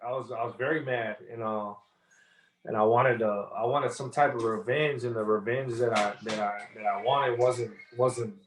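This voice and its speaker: A man's voice: mid-range voice, fairly even intonation, moderate pace, background noise. A man guest on a podcast, telling a story loosely with lots of slang and fillers. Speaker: rapper guest. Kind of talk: casual interview storytelling.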